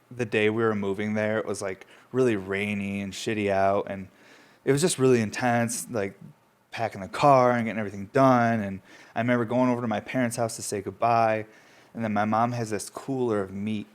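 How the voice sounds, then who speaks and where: Stoned man rambling on his podcast. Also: lowish voice. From upstate New York. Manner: loose storytelling, frequent coughs and laughs, swears casually. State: stoned, runny nose. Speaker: podcast host. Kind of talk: casual rambling monologue.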